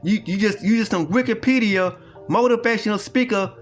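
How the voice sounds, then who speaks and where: A man's voice: sits high, normal speed, soft background music. A man ranting in a video commentary, profane and repetitive as he lectures emphatically. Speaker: online commentator.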